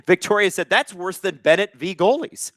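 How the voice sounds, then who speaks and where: A man hosting a live hockey watch-along, reading viewer chat aloud and calling plays with excitable energy. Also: high-pitched, normal speed, no echo, clean studio sound.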